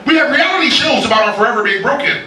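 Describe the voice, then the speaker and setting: Man, pastor, lively joking sermon, high and bright voice, echoey church from a distance. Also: very fast, slight background noise. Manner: lively, joking, with laughter from the congregation. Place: church sanctuary.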